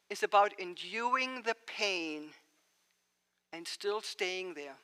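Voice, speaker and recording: A woman's voice: mid-range voice, bright, forceful tone. A woman pastor giving a sermon, preaching expressively and asking rhetorical questions. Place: church sanctuary. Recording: long church reverb.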